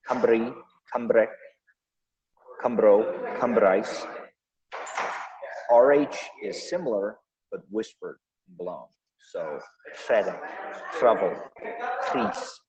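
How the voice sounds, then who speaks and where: A man hosting a podcast, giving a pronunciation lesson and carefully sounding out each example. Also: deep voice. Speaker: podcast host. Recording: dull lo-fi recording.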